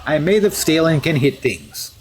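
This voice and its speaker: A man's voice: fairly high pitch, sing-song, normal speed, a little hiss or hum. A man voicing a huge, boastful steel-skinned male hero in a mock Russian accent, with solemn, formal phrasing. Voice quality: formal, article-dropping, grandly pompous phrasing. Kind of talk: in-character game commentary.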